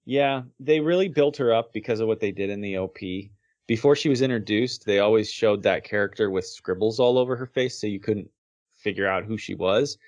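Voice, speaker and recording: A man's voice: lowish voice, brisk, darkish tone. A man co-hosting a podcast, talking through his opinions in a casual chat, thinking aloud with frequent restarts. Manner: thoughtful, hesitant with restarts. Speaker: podcast co-host.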